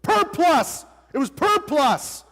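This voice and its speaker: Field: baffled shrill mother, put on by a man. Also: wildly swooping pitch, takes it slowly, a bit bright, heavily acted. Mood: exasperated. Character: exasperated middle-aged mother, baffled. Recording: long church hall reverb.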